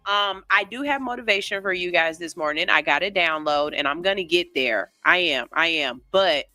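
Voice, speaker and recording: A woman's voice: lowish voice, moderate pace, bright, forceful tone, no room sound, faint music behind. A woman hosting a morning radio show, rambling loosely, cursing casually and laughing at herself, on a studio microphone.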